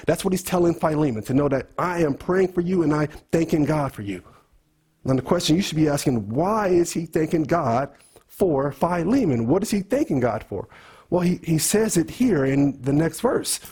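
A man preaching with a husky, slightly breathy voice that sits a bit high for a man. He teaches in a casual, emphatic way, repeating his words and mixing scripture with everyday talk. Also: lively intonation, moderate pace, darkish tone. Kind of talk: sermon teaching on a letter.

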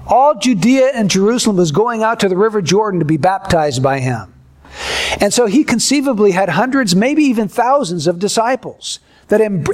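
A male pastor preaching a sermon in a measured, deliberate way, building repeated contrasts. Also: sits high.

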